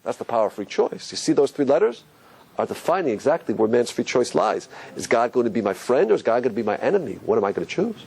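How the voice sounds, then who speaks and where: Animated rabbi lecturing a class. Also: male voice, quick pace, creaky, slightly rough, low-quality recording. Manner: animated, asks the audience questions, pitch swings up and down.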